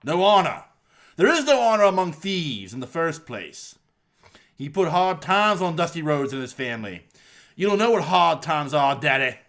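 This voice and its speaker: A man doing an impression of a brash, boastful male pro wrestler, with a slow, drawn-out, preacher-like delivery. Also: on the high side, big pitch swings, fairly bright tone.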